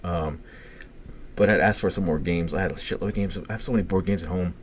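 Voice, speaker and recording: A middle-aged man with a Cajun lilt spins a long story in a low voice, swearing freely and acting out every quote. It sounds like a casual podcast, with a faint hiss of noise underneath. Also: quick pace. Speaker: podcast co-host.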